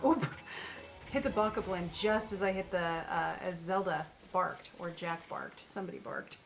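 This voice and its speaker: A woman's voice: lowish voice, moderate pace, gravelly, noisy background. A woman streaming a video game, chatting casually as she plays and talking to the creatures on screen and to her chat. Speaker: streamer and astrologer. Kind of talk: casual gameplay commentary.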